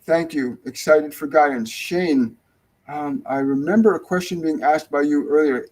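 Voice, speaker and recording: A man's voice: a little high, normal speed, a little mellow, low-quality recording. A middle-aged man hosting a live-stream spiritual Q&A, rambling and repeating phrases for emphasis. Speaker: spiritual medium, show host.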